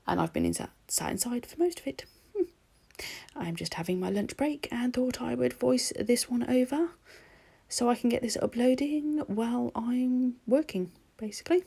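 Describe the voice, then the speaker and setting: A woman's voice: fairly high pitch, lively intonation, normal speed, gravelly, mellow, breathy edge. A woman narrating her nail art in a chatty, rambling voice-over recorded at home. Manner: chatty and rambling, with laughs and ums.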